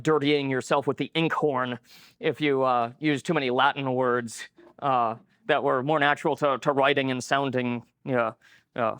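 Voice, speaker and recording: A man's voice: mid-range voice, fairly bright tone, no echo, studio quality. A man giving a conference lecture in a conversational way, with many filler words. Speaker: conference speaker. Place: lecture room.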